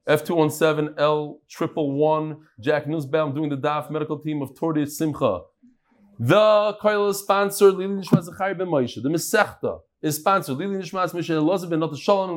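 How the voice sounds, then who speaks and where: Animated rabbi with a high-ish voice. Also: male voice. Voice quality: animated, jokey, quick shifts in pitch. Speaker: rabbi leading a daily Talmud class. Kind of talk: lively class talk, reading out messages. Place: room with a live audience.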